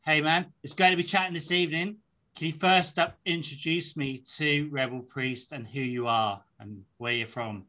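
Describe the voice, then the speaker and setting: A chatty middle-aged man from Devon hosts a relaxed interview in a mixed English accent. His voice is bright and forward. He talks loosely and swears freely. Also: on the high side, normal speed. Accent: English, mixed southwest and northeast. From Devon, England. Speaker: host. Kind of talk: casual interview.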